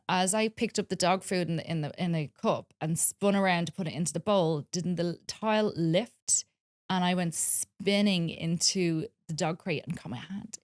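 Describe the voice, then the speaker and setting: A woman talking earnestly in a casual podcast chat, telling stories with many pauses and ums. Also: lowish voice, dry recording, studio quality. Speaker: spiritual wellness guest.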